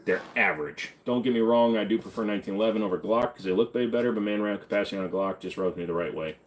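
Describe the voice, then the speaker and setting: A man's voice: fairly low pitch, rapid-fire, a little hiss or hum. A man hosting a live stream, answering chat questions in a blunt, offhand, casual way. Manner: blunt, offhand, hums and sings snippets between questions.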